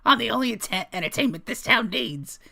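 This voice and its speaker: A man's voice: extremely high pitch, animated, a little fast, creaky, bright, forceful tone, pitched above the performer's own voice, full character voice. A man voicing a short, gaunt male jester who taunts and sneers. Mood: mocking.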